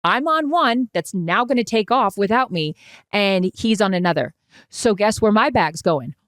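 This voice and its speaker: Woman co-host, mid-pitch, dry close sound, animated storyteller who swears freely. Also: moderate pace, dry recording. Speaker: podcast co-host. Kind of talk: casual chat.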